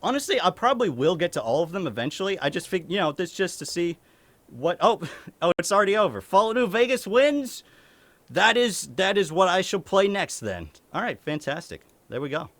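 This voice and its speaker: Chatty young man with lively pitch. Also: no room sound. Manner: chatty, rambling with restarts and quick laughs. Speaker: streamer. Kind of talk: casual chat with viewers.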